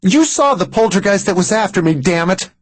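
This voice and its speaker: A man voicing a frightened clairvoyant woman who speaks high and strained, pleading in an audiobook. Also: big pitch swings, unhurried, a little mellow, breathy edge, heavily acted. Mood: frantic.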